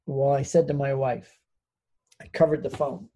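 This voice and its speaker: An older American man, a guest in an interview, speaks at normal speed in a mellow, mid-range voice with little pitch movement. He earnestly tells his conversion story, sometimes choking up and voicing the people he quotes.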